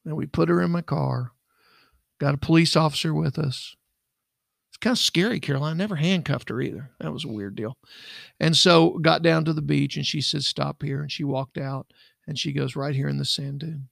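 Middle-aged man, ex-investigator type, very gravelly voice, dry close sound, rambling storyteller. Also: a little high, normal speed, dry recording. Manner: rambling, acts out quoted dialogue. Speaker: podcast co-host, former investigator. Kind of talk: casual true-crime storytelling.

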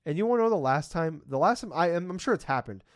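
A man in his thirties hosts a casual podcast, rambling and ranting with plenty of swearing. His voice is fairly high, animated, and fast, recorded with clean studio sound and no room sound.

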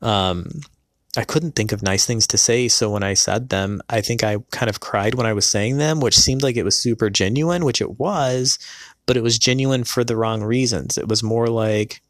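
Hesitant low-voiced man, close and dry. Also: no echo. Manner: hesitant, many pauses and filler sounds. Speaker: person recounting a past marriage. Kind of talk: personal storytelling.

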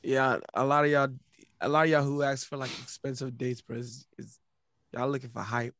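A man chatting casually on a podcast, animated, restarting and repeating words as he talks. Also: medium pitch, moderate pace, no room sound. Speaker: podcast co-host. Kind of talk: casual chat.

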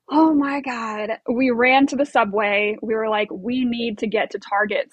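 Chatty woman with a bright high voice. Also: no room sound, lo-fi sound. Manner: bubbly, chatty, many fillers and laughs. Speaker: interview guest. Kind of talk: casual storytelling.

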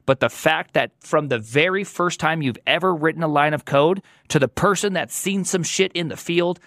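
A man as a podcast guest, a software engineer talking through opinions in animated, emphatic, rambling chat. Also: a little high, no room sound, clean studio sound. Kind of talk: casual opinionated tech chat.

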